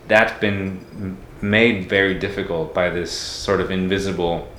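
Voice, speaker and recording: A man's voice: low voice, little pitch movement, measured pace, fairly bright tone, roomy sound, slight background noise. A man from Mexico talking as a podcast guest, reflective and candid in a casual interview.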